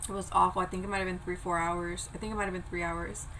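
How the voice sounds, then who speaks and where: Bright-voiced woman chatting between bites. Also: on the low side, little pitch movement, fast talker, a little hiss or hum, low-quality recording. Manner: chatty, eats while talking, swears casually. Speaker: vlogger. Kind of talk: casual mukbang chat.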